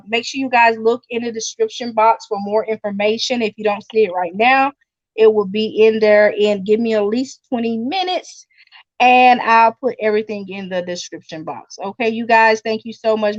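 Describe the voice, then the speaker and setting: A woman's voice: fairly high pitch, no echo. A woman podcast host chatting casually to viewers, thankful and loose with fillers. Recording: dull dry home recording.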